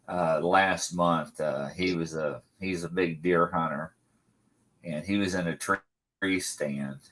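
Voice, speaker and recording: A man hosting an interview, retelling a story in an unhurried, casual way. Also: deep voice, a bit bright, rough recording. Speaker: host.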